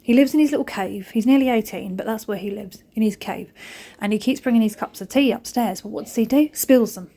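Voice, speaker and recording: Chatty mum vlogging while cleaning. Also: female voice, on the high side, brisk, mellow. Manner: chatty, cheeky, jokey storytelling. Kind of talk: casual chat over cleaning footage.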